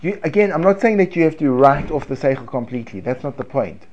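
A man leads a Torah class in a lively, animated way. His voice sits a little high for a man, and he drops from loud emphasis to near hushed tones. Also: highs cut off. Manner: animated, chants prayer words with swings from loud to hushed. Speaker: Torah teacher.

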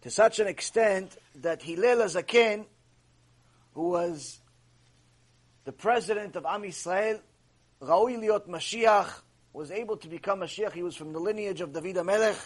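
A man gives a religious lecture in a raspy, higher-pitched voice. He drives his points home by repeating key phrases. His delivery is emphatic and instructive. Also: normal speed. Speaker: rabbi teaching a Torah class.

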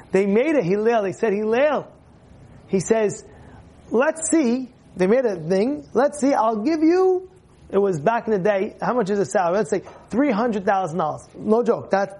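Man as religious teacher, animated, keeps asking the audience questions, acts out scenes. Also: sits high, breathy edge. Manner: lively, questions the listeners, acts out stories. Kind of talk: animated Torah lesson.

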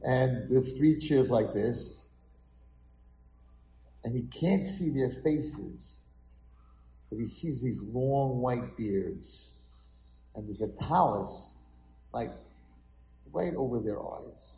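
Animated rabbi in an echoey hall. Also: male voice, medium pitch, slow, long pauses, a little hiss or hum. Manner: animated, dramatic storyteller. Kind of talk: sermon storytelling. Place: large event hall.

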